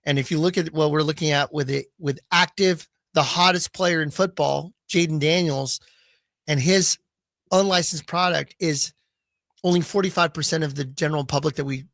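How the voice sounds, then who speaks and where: A man hosting a sports card radio show, chatting casually and lively, often slipping into quick comic voices. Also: a little high, no room sound. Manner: animated, slips into quick comic put-on voices.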